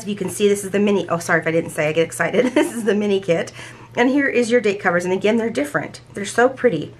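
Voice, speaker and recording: A woman's voice: mid-range voice, slight background noise. A woman hosting a planner channel, talking casually and enthusiastically as she shows off stickers, often restarting her sentences. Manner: enthusiastic, rambling with frequent restarts. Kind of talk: casual show-and-tell haul.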